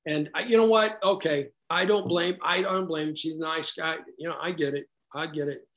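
A middle-aged man with a fairly high voice tells his recovery story to a group. He rambles in a loose, conversational way and keeps slipping in dry, self-mocking asides. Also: steady tone, brisk, few pauses, a bit bright. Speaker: recovery meeting speaker.

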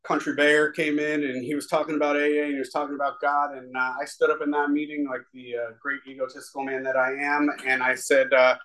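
A man's voice: medium pitch, little pitch movement, quick pace, a bit bright, rough recording. Rambling heartfelt man telling his story. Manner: rambling and heartfelt, with many restarts. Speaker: speaker sharing a recovery story. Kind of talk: personal testimony to a live audience. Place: room with an audience.

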